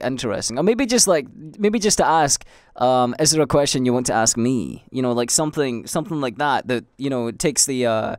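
He's a young Scot who hosts his own podcast and livestreams, talking alone in a rambling, casual way, heavy on fillers, restarts, and swearing. His voice is mid-range, captured dry with clean studio sound.

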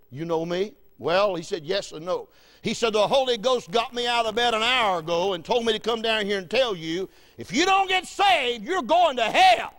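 Folksy preacher, high voice. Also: male voice. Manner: folksy, wide swings from loud to hushed. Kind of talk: storytelling sermon.

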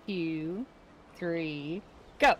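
Lively giggly woman on game voice chat, faint hiss. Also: fairly low pitch, drawn-out words. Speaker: fellow player. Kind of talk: casual gaming chat.

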